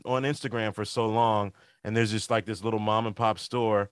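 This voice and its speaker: A man's voice: on the low side, flat delivery, brisk, smooth, no room sound, clean studio sound. A man hosting a casual podcast, a stand-up comic who rambles and corrects himself with many fillers.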